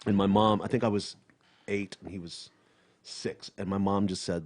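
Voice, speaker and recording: Man, comedian, lowish voice, blunt, profane, lots of fillers, casual podcast chat. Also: fairly even intonation, moderate pace. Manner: blunt, profane and laughing, trailing off with many fillers. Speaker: stand-up comedian and podcast guest.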